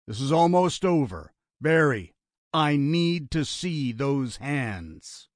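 A man voicing a matter-of-fact male gunman who gives firm, flat orders. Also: fairly high pitch, slow, no echo, studio quality. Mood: commanding.

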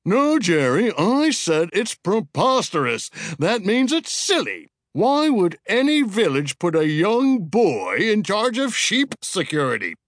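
A woman voicing a pompous, fussy male stuffed bear in an audiobook, lecturing slowly and loudly. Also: big pitch swings, no room sound, clean studio sound. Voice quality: lower, louder, slow and haughty. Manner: lecturing, pedantic. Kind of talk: audiobook character voice.

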